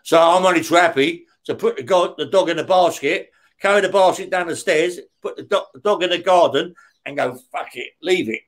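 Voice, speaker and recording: A man telling stories as an interview guest, blunt and rough-spoken, swearing heavily and tagging his lines with "yeah?". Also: high-pitched, a little fast. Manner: heavy swearing, frequent "yeah?" tag questions. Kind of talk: casual storytelling.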